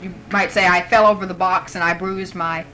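A woman's voice: lowish voice, fairly even intonation, a little fast, background noise. A woman interviewer who patiently prompts answers by starting sentences and leaving them for the other person to finish. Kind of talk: dialect survey interview.

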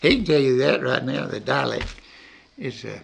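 A man's voice: medium pitch, lively intonation, normal speed, gravelly. An older man with a north Georgia Southern accent tells rambling, folksy stories in an oral history interview. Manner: rambling, folksy, laughs at his own stories.

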